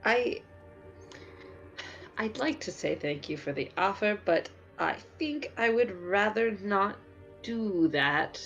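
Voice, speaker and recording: A woman's voice: mid-range voice, expressive, slow, gravelly, a bit bright, highs cut off, soft background music. A woman playing a tabletop game, speaking hesitantly and stammering in character. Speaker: player. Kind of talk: tabletop role-play.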